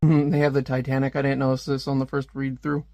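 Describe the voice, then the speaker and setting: A man's voice: medium pitch, completely flat delivery, fairly quick, creaky, dark tone, no room sound. A man giving a casual, wry comic book review with a conversational manner.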